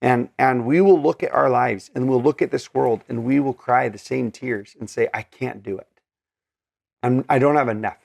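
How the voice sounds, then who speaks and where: A man's voice: mid-range voice, moderate pace, gravelly, a little mellow, no room sound, clean studio sound. A man teaching scripture in an earnest, conversational way, with many fillers and restarts. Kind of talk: casual scripture study talk.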